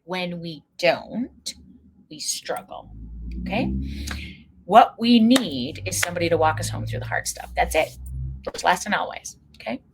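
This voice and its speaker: A middle-aged woman giving an energetic motivational talk, telling stories and acting out quotes loudly. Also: fairly low pitch, a little slow, pauses often, noisy background. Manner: animated storyteller, acts out quotes loudly. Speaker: speaker leading a workshop.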